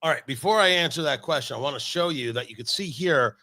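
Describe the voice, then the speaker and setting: Host, male; high, bright voice; emphatic, stammering opinions in a loose chat. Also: animated, quick pace. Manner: opinionated, emphatic, stumbling restarts. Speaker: podcast host. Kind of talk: casual chat about football.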